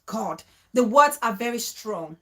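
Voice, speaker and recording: Woman from Cameroon, high voice, emotional, exclamatory, reading viewer comments aloud on a vlog. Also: animated, measured pace. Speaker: vlogger.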